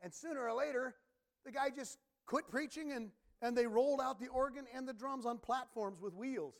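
Pastor guy mid-sermon, chatty storyteller, throws in shouts and goofy organ noises. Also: sits high. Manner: animated storytelling, sudden shouts and imitated organ sounds.

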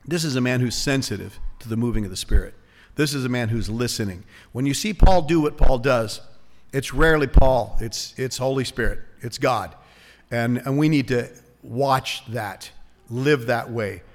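A man preaching a conversational sermon as pastor, shifting into a soft hush for prayers. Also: mid-range voice, in a large hall.

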